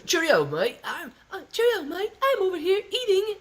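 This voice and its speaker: A chirpy woman put on by a man chatters in a shrill, very high falsetto. She peppers her talk with over-the-top crikey and cheerio slang, and the voice is a broad, cartoonish caricature. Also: huge pitch swings, moderate pace, exaggerated voice. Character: chirpy woman with mock Aussie slang, cabbage-loving.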